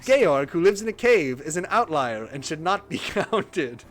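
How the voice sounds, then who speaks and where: A man's voice: fairly high pitch, sing-song, a little slow, soft background music. Jokey man streaming a game. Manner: jokey, reads game text aloud and riffs on it. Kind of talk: casual live-stream commentary.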